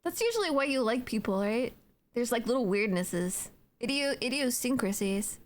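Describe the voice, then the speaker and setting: A woman's voice: a little high, animated, moderate pace. A young adult woman streaming from home, chatting playfully with her chat in a rambling, filler-heavy way between yawns. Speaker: Twitch streamer. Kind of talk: casual live-stream chat, reading chat aloud.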